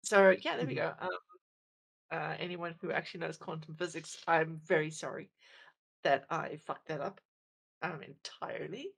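A woman's voice: deep voice, fairly even intonation, normal speed, gravelly, slightly rough. A woman co-hosting a podcast in casual chat, rambling and self-deprecating, full of fillers and restarts. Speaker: podcast co-host.

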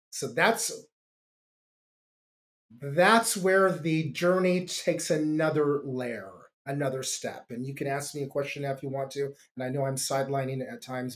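A man's voice: mid-range voice, steady tone. Earnest middle-aged man telling his story. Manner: earnest, halting with restarts. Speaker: podcast guest. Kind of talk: reflective storytelling.

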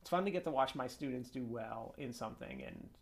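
A man's voice: mid-range voice, animated, a little fast, gravelly. A man talking casually to his webcam in a vlog, upbeat and rambling, full of "like" and "um" and restarting his sentences. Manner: rambling, upbeat, lots of fillers and self-corrections. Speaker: esports coach and vlogger. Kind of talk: casual vlog talk to camera.

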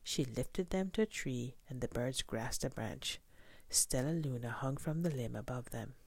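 Woman storyteller reading aloud: low, slow, husky, breathy, gentle. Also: no room sound. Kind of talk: storybook read-aloud, partly whispered.

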